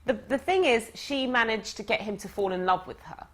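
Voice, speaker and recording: A woman coaching her audience through a lively story, talking in an animated, conversational way. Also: on the high side, moderate pace. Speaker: dating coach. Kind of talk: storytelling lesson.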